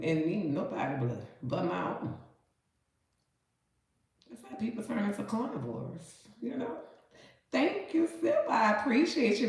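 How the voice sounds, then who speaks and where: A woman's voice: low voice, a little mellow. Chatty nasal woman in echoey kitchen. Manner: chatty, folksy, calls viewers baby and honey. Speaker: cooking vlogger. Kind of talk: casual cooking talk to viewers. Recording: very echoey room.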